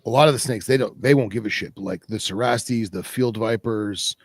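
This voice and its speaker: A man's voice: lowish voice, fairly quick, no room sound. A man hosting a podcast, talking in a casual, rambling way full of fillers. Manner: rambling, filler-heavy, laid-back. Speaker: podcast host. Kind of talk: casual chat.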